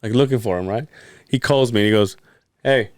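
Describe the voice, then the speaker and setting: A man's voice: lowish voice, fast, no room sound, studio quality. A man hosting a podcast, telling a story in casual chat, cursing freely and acting out quotes with laughs. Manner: profane, animated storyteller, acts out quotes with laughs. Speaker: podcast host.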